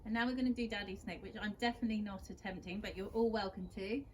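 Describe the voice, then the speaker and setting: A young woman, gently guiding children through a yoga class with steady encouragement. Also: medium pitch, fast, a little hiss or hum. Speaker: kids yoga teacher.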